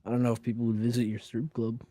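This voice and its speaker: A man co-hosting a casual comedy chat, telling stories in a deadpan, mock-serious way. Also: mid-range voice, fast talker, a little hiss or hum. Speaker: podcast co-host.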